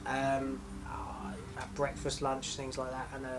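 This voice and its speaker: A man playing the weary English brother of a madman, speaking haltingly with many fillers in a mockumentary interview. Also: mid-range voice, monotone, over music, natural voice.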